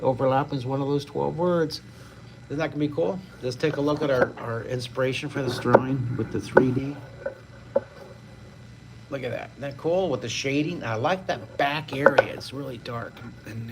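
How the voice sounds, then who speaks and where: A man's voice: medium pitch, a little hiss or hum. An older man leading a live-streamed drawing lesson, upbeat, chatty and encouraging to his viewers. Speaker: drawing teacher.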